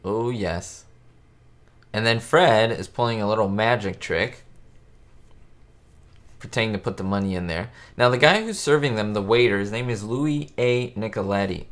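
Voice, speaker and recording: A man's voice: on the low side, lively intonation, moderate pace. Chatty, rambling man hosting a live stream. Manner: rambling and chatty, many fillers and restarts. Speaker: host of a live chat stream about a classic sitcom. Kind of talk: casual live-stream chat, answering viewer comments. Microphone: facecam.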